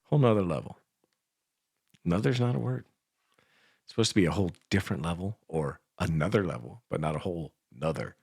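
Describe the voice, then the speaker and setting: A man's voice: deep voice, lively intonation, fairly quick, creaky, long pauses, darkish tone, husky, dry recording, clean studio sound. A man with an Appalachian accent co-hosting a radio show, swearing and laughing through self-mocking stories in casual chat. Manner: foul-mouthed, laughs often, self-mocking storyteller. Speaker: radio co-host. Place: radio studio.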